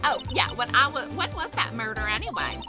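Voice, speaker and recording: A loud, sassy young country woman with a thick Southern drawl, folksy and quick to bristle, as a woman puts her on. Her voice sits high and swoops around with lots of life. Game music plays behind her. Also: expressive, close to an everyday voice. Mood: friendly. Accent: generic Southern US put-on. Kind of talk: video game voice-over play-through.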